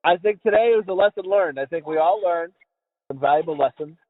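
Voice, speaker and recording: A man's voice: a little high, fairly quick. A man co-hosting a podcast, rambling and mumbling in casual chat, swearing freely. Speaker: podcast co-host. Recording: tinny phone-like sound with a long reverb tail.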